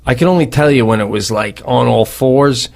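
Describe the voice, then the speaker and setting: A man on a comedy podcast tells a long story at a casual pace. His voice sits at an ordinary pitch, and he rambles, swears freely and trips over his own restarts as he builds it up. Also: normal speed, gravelly, darkish tone. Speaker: podcast co-host.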